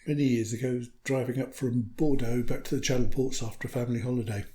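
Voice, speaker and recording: A man's voice: medium pitch, fairly even intonation, quick pace, dark tone. A man from the UK, a storyteller, chatting casually and telling anecdotes with dry humour. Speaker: storyteller, interview guest. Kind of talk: casual conversation.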